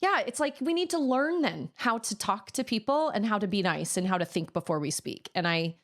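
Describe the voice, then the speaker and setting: A woman's voice: medium pitch, expressive, fairly quick. Woman streamer, plain-spoken, talking through her frustrations to her chat. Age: adult. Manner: frank, venting about a hard week. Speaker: game streamer. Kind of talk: casual chat.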